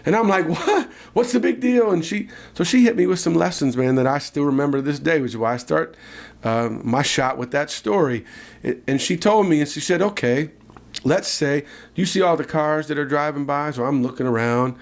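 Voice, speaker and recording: A man with a fairly high voice tells a story on a casual podcast. He talks in an animated way, full of lively asides. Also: brisk, creaky. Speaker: podcast co-host.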